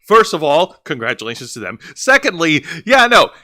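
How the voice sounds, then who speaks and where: A man co-hosting a wrestling review show in casual chat, ranting with lots of fillers and restarts. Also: on the high side. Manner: animated, ranting, halting with fillers.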